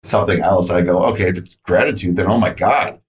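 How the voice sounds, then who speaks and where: A man's voice: deep voice, quick pace. Candid, reflective man. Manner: candid, reflective, says "like" often. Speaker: podcast co-host. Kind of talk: casual heartfelt chat.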